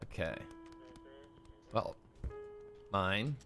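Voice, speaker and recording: A man's voice: sits low, very slow, soft background music. Swearing young man streaming a game. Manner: swearing, animated storytelling. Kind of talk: casual gameplay commentary.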